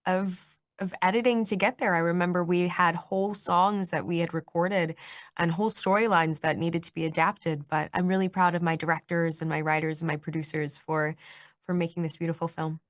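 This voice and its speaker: A woman's voice: lowish voice, fairly quick, no room sound. Bubbly young woman in a dry interview. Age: 20s. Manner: bubbly, animated, laughs often. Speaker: actress being interviewed. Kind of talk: press interview.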